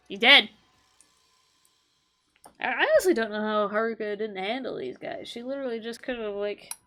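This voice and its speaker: A woman's voice: medium pitch, a bit bright. Chatty woman gamer, teasing and sweary. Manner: chatty, swears freely, teasing and self-mocking. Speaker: gaming channel host. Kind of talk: casual let's play commentary.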